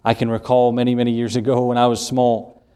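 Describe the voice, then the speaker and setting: Brief: middle-aged male pastor, earnest and repetitive, mid-pitched, evening church sermon. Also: monotone, brisk, warm tone, clear, resonant tone. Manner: earnest, repetitive preaching with Scripture quotes and folksy asides.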